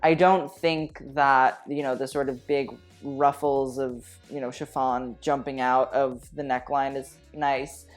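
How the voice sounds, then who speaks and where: A woman's voice: very deep voice, fairly even intonation, unhurried, few pauses. A woman giving casual fashion commentary, blunt and opinionated with a slangy way of talking, with faint music behind. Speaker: fashion critic vlogger.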